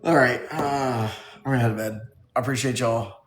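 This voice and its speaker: A man's voice: medium pitch, fairly even intonation, a little fast, reverberant, slight background noise. A man on a casual live stream who laughs often while reading his chat aloud and riffing on its jokes.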